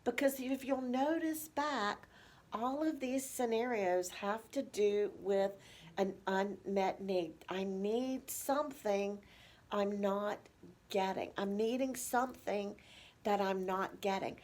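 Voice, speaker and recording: A woman, a nurse and educator teaching caregivers in a measured way with slow, emphatic pauses. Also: mid-range voice, darkish tone.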